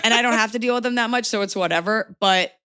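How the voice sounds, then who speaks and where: A woman's voice: fairly high pitch, fast, sharp tone, smooth, no room sound, studio quality. A woman in her thirties hosting an advice podcast, talking bluntly and acting out quoted voices. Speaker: podcast host giving advice. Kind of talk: casual advice chat.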